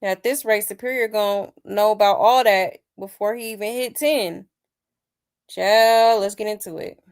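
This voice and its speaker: Talking at a moderate pace in a clean, mid-range voice with fairly even intonation, the gossip livestream host addresses her viewers in a chatty, sassy way. She's a little hoarse and seems to be losing her voice while commenting casually on celebrities.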